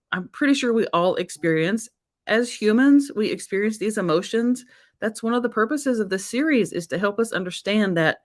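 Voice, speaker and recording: A woman hosting a live-streamed talk series, speaking in an effusive, emotional way and laughing often. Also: medium pitch. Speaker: host. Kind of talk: casual live-stream chat.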